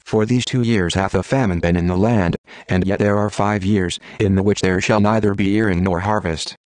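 Low synthetic male reading voice. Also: dry recording. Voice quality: text-to-speech voice. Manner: steady, measured phrasing with a pause at every clause. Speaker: scripture reader.

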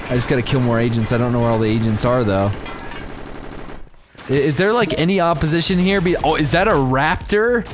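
A young man commenting on a game as he plays, giddy and breaking into high-pitched squeals of surprise. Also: brisk, background noise. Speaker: gameplay commentator. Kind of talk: excited let's-play commentary.

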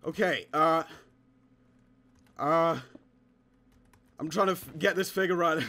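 A young man giving excitable live commentary on his game, often laughing and shouting during fights, with keyboard typing behind him. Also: a little high, slow pace, long pauses. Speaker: gaming YouTuber.

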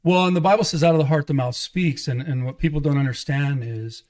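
This middle-aged man, an evangelist on a podcast, shares a casual testimony of his life, regularly voicing the things people told him. His pitch is fairly high, his tone a little mellow, and he speaks slightly fast.

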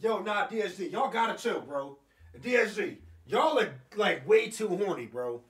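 A young man hosting a live-stream reaction, loud and excitable, often calling out to his chat. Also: sits high, normal speed, slightly rough.

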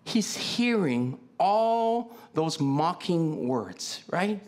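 Pastor, male; animated, very lively pitch, chatty Q-and-A preaching style. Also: extremely slow. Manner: conversational, asks the congregation many questions. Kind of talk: sermon. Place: church.

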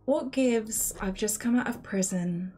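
A woman's voice: medium pitch, a little slow, mellow, husky, faint music behind. A woman voicing a lovesick male ex-convict husband with a put-on Irish accent, talking in a dramatic, pleading way.

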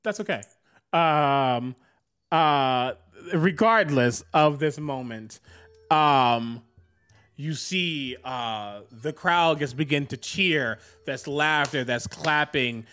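A man's voice: mid-range voice, extremely slow, fairly bright tone, smooth. A man running a tabletop game as game master, narrating casually with many fillers.

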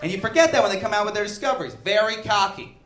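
A man doing stand-up comedy in a club, talking in an animated, profane, conversational way. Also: high voice, rapid-fire, noisy background. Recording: echoey club with audience laughter. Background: audience laughter.

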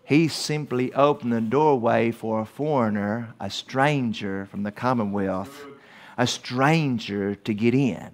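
A man's voice: mid-range voice, slow. A man preaching a verse-by-verse Bible study in a church, emphatic and repetitive, not from Australia. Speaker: pastor.

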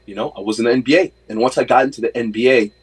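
A man's voice: medium pitch, very fast, slightly rough, rough recording. A man in his thirties, a basketball coach, telling his story in a casual interview, earnest and full of faith, with many fillers. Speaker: NBA player development coach, guest.

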